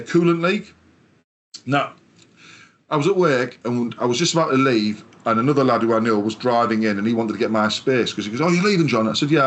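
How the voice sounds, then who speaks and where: In a medium-pitched, fairly bright voice, a man from England co-hosts a podcast and shares long stories in casual conversation. He swears plenty and tends to ramble as he tells them.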